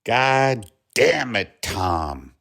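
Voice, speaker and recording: A hoarse man playing a gruff, impatient police sergeant in a comedy sketch. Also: medium pitch, big pitch swings, extremely slow, a bit bright, heavily acted. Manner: gruff, exasperated. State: hoarse from bronchitis.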